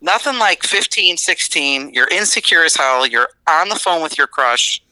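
A woman's voice: sits low, expressive, moderate pace, pushed and bright, no room sound, low-quality recording. A middle-aged woman talking as a podcast guest, blunt and sarcastic, swearing freely in casual chat.

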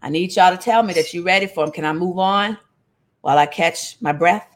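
A woman giving a lively, conversational Bible lesson, calling out to her listeners. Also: fairly low pitch, a little fast. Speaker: Bible study teacher. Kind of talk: casual sermon-style Bible teaching.

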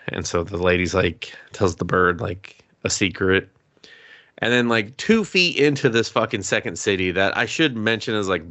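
A man's voice: sits low, sharp tone, no room sound. A man co-hosting a podcast, casually recapping an anime episode, acting out the characters' lines, laughing and swearing as he goes. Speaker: podcast co-host.

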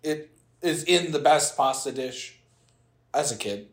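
A man's voice: on the high side, animated, unhurried, creaky. A man co-hosting a casual podcast, laughing often and teasing his friends with crude jokes. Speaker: podcast co-host ranking pastas. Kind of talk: casual banter.

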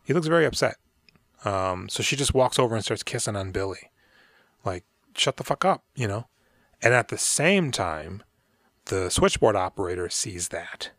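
A man's voice: fairly low pitch, very animated, normal speed, a bit bright, no echo. A man hosting a podcast, casually retelling a film's plot in a rambling, profane way and acting out the characters' lines. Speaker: podcast co-host. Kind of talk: casual movie recap.

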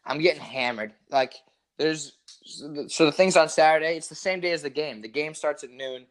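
A man's voice: fairly high pitch, normal speed. A young man co-hosting a podcast, telling a long story in a rambling, profane, laid-back way and acting out the quotes. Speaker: podcast co-host. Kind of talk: casual storytelling chat.

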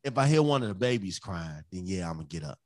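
A podcast co-host with a deep, slightly mellow voice and big pitch swings talks fast and emphatically about his family on a casual show. He repeats phrases and imitates his children's voices, and there is no echo.

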